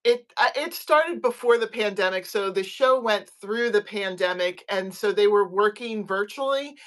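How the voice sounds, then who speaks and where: A woman hosting a crochet livestream in casual chat, giggly and rambling, often trailing off softly. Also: medium pitch, normal speed.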